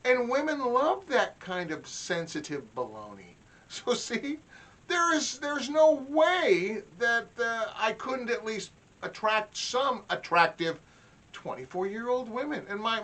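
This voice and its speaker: Animated middle-aged man, comic storytelling. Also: high voice, unhurried. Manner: animated, mock-indignant storytelling. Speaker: comedy vlogger. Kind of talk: comic monologue.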